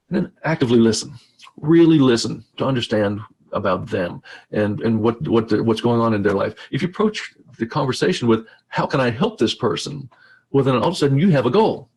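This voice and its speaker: A man's voice: medium pitch, a little mellow, slightly rough. A man giving a conversational webinar presentation over a video call, often repeating and restarting his words. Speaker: speaker.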